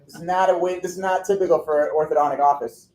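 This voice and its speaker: A middle-aged orthodontist with a fairly high, darkish voice speaks fast with fairly even intonation. He's giving a humorous storytelling talk to an audience in a lecture room, full of self-deprecating anecdotes. The recording is echoey.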